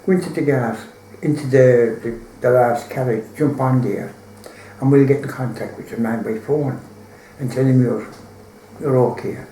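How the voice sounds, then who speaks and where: A man's voice: mid-range voice, moderate pace, dark tone, roomy sound, slight background noise, poor audio. An Irish man telling a folk tale in a rambling, colloquial way, full of swearing. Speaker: storyteller.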